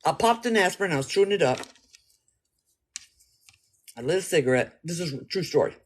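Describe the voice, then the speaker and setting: A woman's voice: on the low side, expressive, fairly quick, a little hiss or hum. A woman vlogging to camera in a blunt, profane way, acting out her own reactions as she talks. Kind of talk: casual talk to camera.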